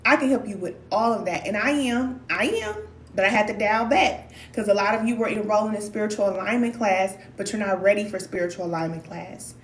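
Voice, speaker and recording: A woman's voice: medium pitch, fairly quick, echoey room, slight background noise. A woman from Missouri giving a blunt, emphatic motivational talk as a spiritual life coach.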